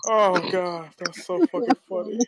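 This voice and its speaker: A man's voice: high voice, unhurried, over a noisy crowd. A man arguing bluntly on a casual podcast panel, swearing and restarting his thoughts. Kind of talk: casual group chat.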